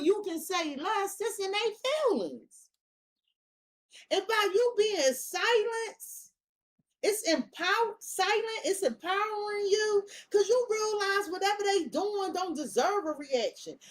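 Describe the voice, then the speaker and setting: High-voiced woman, tarot reader, casual monologue, slangy and emphatic with lots of cursing. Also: expressive, slow pace. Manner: blunt, profane, slangy and emphatic.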